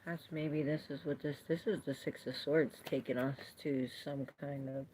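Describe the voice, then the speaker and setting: A woman's voice: rumbling low, steady tone, normal speed, dark tone, a little hiss or hum. A woman giving a live tarot reading, chatting with viewers, reading their comments aloud and laughing often. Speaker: tarot reader.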